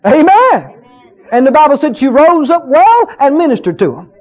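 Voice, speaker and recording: A male preacher with a very high, lively voice delivers a fervent sermon. He stretches key words slowly and lifts into loud bursts of praise. The recording is dull and lo-fi. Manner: emphatic, drawn-out stresses, rising to shouts of praise.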